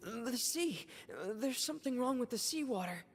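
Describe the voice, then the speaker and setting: A man voicing a weak, recovering young man in a game cutscene, talking haltingly in a hushed, strained whisper. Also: extremely high pitch, lively intonation, breathy edge, exaggerated voice. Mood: dazed. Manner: halting, with hesitant fillers. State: weak from injury.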